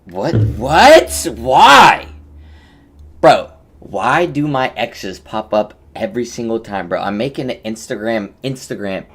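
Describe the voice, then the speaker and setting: Low-voiced young man chatting on stream. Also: fairly bright tone. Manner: rambling, joking, greets chat by name. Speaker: streamer and game coach. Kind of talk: casual livestream chat.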